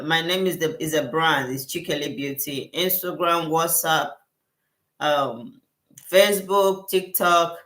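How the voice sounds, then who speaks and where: A skincare consultant with a low, slightly bright voice runs a casual livestream Q&A, gushing, repeating herself, and thanking viewers often. The recording sounds roomy, with echo.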